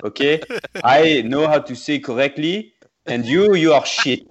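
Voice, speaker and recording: A man's voice: fairly high pitch, lively intonation, measured pace, voice pushed up, rough recording. A man putting on a rude mock Frenchman. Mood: scornful. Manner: broken English, scornful, cursing. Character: rude mocking Frenchman insulting Americans.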